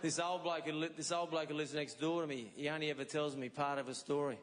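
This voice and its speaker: A man's voice: on the high side, quick pace. A middle-aged Australian man performing a stand-up comedy set, telling stories and slipping into voices of the people in them. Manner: storytelling with voiced characters, animated impressions. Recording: live set with audience crowd and noise. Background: audience laughter.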